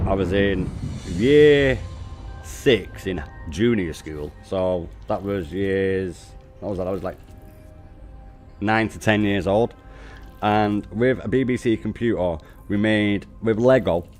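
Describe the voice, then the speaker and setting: A man's voice: on the low side, darkish tone. Laid-back man streaming a game. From Warrington, northwest England. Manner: laughs often, swears freely, banters with chat. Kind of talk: casual live-stream chat.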